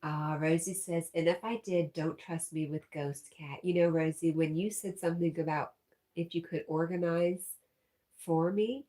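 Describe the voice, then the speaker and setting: A woman's voice: fairly low pitch, steady tone, moderate pace, dark tone. A woman hosting a casual livestream, reading out viewer comments and laughing often. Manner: giggly, reads out chat messages. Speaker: livestream host.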